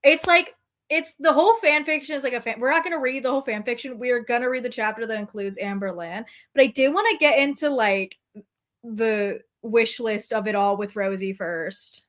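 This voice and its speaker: Woman streamer, high voice, casual profane commentary, snarky. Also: brisk, fairly bright tone. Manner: profane, sarcastic, reacts to chat.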